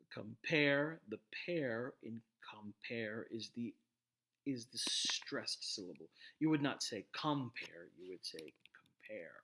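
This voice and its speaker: A man lecturing to a class at a middle pitch, explaining step by step. He often pauses, restarts his words and checks in with the listener. The tone is plain and instructive. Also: a bit bright, a little hiss or hum. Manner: explanatory, frequent fillers and restarts, asks "right?".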